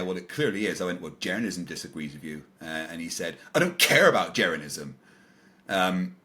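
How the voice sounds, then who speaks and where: A man's voice: deep voice, bright, forceful tone. A man, a podcast guest casually retelling a confrontation, acting out the dialogue with lots of ums and restarts. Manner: retells encounters with quoted dialogue, many fillers and restarts. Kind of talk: casual storytelling in an interview.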